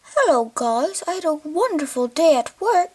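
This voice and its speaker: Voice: sits high, very animated, normal speed. A child voicing a cheerful father coming home from work in a homemade toy play.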